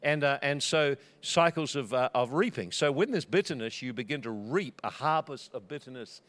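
A man's voice: animated, normal speed. A man preaching a sermon, telling a personal story and acting out the voices in it. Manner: storytelling, acting out quotes with big swings of pitch and loudness.

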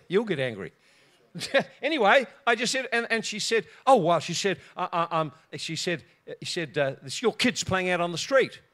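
A man's voice: a little high, fairly bright tone. Laughing preacher man telling a story. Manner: laughs often, storytelling, repeats words. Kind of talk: sermon with personal story.

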